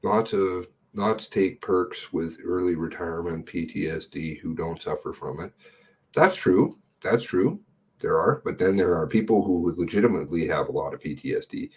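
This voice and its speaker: A middle-aged man talks through a livestream in loose running commentary, blunt and sarcastic. His voice sits very low and sounds husky and rough. He swears without a second thought. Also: fairly quick, hardly any pauses.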